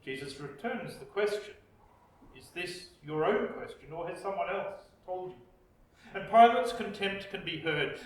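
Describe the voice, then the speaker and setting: A man with an Australian accent preaching a reflective sermon as pastor, slow with dramatic pauses. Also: sits high, animated. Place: church. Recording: echoey church, distant mic.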